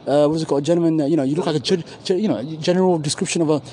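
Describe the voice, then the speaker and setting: A man's voice: fairly high pitch, rapid-fire, mellow, slight background noise, rough recording. A man rambling in casual, profane slang, often searching for his words, outdoors on a university campus. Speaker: podcast co-host. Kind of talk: casual profane street chat.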